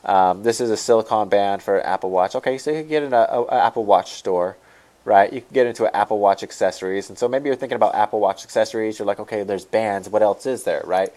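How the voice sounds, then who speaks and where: A man runs a screen-share lesson for people selling online, moving along at a quick clip in a fairly low voice. He rambles, stumbles over his own words and repeats himself while he talks straight to his viewers. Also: darkish tone. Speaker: online store coach.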